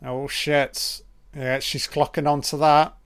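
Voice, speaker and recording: Man, film commentary, slow unhurried delivery, smooth clear voice, profane. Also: fairly high pitch, little pitch movement. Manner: profane, reactive running remarks. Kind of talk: casual audio commentary.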